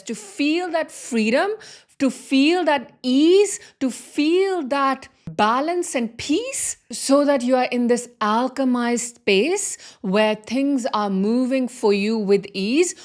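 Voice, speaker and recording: A woman giving a motivational spiritual talk as a wealth and healing coach, speaking earnestly and repeating her phrases for emphasis. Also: fairly high pitch.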